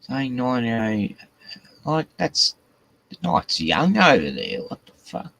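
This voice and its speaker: A man's voice: medium pitch, huge pitch swings, slow pace, creaky, bright, forceful tone, rough recording. A man, hosting a casual, rambling live stream, swearing a lot and chatting to his dogs, with a cough.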